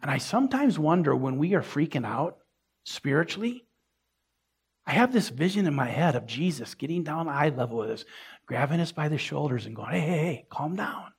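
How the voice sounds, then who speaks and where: A man's voice: a little high, sing-song, normal speed, breathy edge. A man preaching a sermon as pastor, speaking conversationally with asides to the congregation and rising emphasis. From Minnesota.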